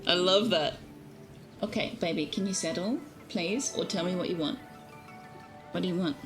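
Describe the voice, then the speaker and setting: A woman streamer with a lowish voice chats casually at normal speed on a live stream, teasing her viewers and cooing at her cat in baby talk. She speaks into a desk microphone at home, with music playing in the background.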